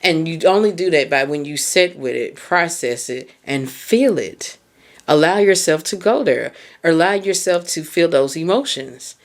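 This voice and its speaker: A woman's voice: sits low, animated, normal speed. Candid, laughing woman podcast host. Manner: candid and conversational, swears freely, laughs at herself; asks the listener strings of reflective questions. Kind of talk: casual solo podcast talk on self-growth.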